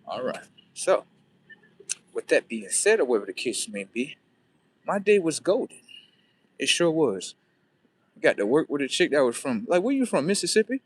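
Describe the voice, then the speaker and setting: A man's voice: mid-range voice, moderate pace, pauses often, slight background noise. A young man from Florida, rambling through a story as he walks, acting out what people told him. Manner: rambling, repeats himself, quotes others in lively voices. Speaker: vlogger. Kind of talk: casual storytelling while walking.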